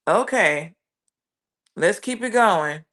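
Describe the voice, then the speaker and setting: Woman hosting a livestream, reads chat out loud and reacts quick, chatty and relaxed. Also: mid-range voice. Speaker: livestream host reading chat. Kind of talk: casual live chat.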